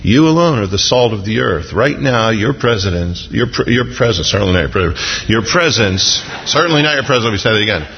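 A man preaching a sermon as pastor, animated and jumping into excited voices when he acts out quotes. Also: on the low side, fast talker, gravelly, hardly any pauses, in a large hall, muffled recording, a little hiss or hum.

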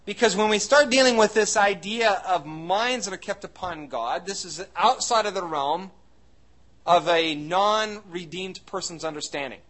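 A man's voice: high-pitched, a little slow, a bit bright. A man preaching a sermon to his congregation in a folksy, conversational way, with many fillers and asides. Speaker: pastor. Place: church hall before a congregation.

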